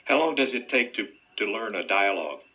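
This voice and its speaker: A man's voice: fairly low pitch, lively intonation, brisk, pushed and bright. A man who hosts a radio interview, asking plain and direct questions. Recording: dull lo-fi radio audio.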